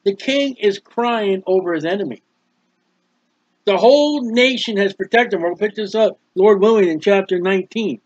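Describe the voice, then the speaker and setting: A high-voiced American man teaching a Bible study, moving from slow, careful scripture reading into homespun explanation. The recording is dry and muffled, like an old lo-fi tape, with no room sound at all. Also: no echo. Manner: reads scripture slowly, then explains in plain folksy asides.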